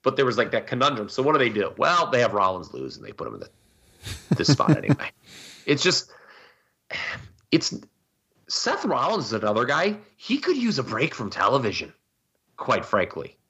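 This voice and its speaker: A man's voice: mid-range voice, wildly swooping pitch, normal speed, pauses often, a bit bright, lo-fi sound. A man co-hosting a casual podcast, giving emphatic, rambling opinions. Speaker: podcast co-host. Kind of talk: casual wrestling podcast chat.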